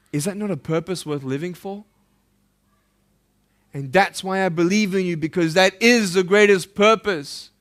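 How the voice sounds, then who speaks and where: An Australian man in his thirties, a motivational speaker, delivers an impassioned speech at a school assembly, his voice sitting high. He swings between loud pleading and hushed intensity.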